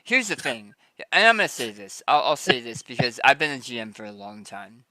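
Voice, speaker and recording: A man narrating as game master of a tabletop game in a relaxed way, with many ums and restarts. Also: mid-range voice, a little fast, dry recording.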